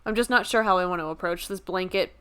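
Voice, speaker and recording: A woman's voice: lowish voice, quick pace, a bit bright, clean tone. A woman streamer chatting casually and joking at her own expense while she draws. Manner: joking, self-deprecating. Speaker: livestreamer.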